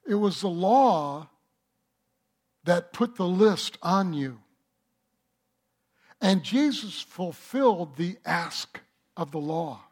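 A man's voice: sits high, expressive, slow, pauses often, darkish tone. A man preaching a sermon as pastor, talking conversationally and working a joke into his message.

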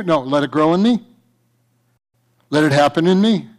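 A man's voice: on the high side, animated, normal speed, a little mellow. A man preaching a sermon to his church, fervent and repetitive, breaking into a story. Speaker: pastor.

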